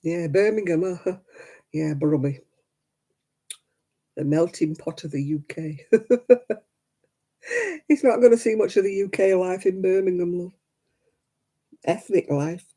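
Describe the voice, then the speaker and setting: A woman's voice: lowish voice, lively intonation, takes it slowly, pauses often, dark tone. An older woman chatting casually with viewers on a crafting livestream, rambling and laughing often. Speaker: livestream host. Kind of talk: casual live-chat crafting stream.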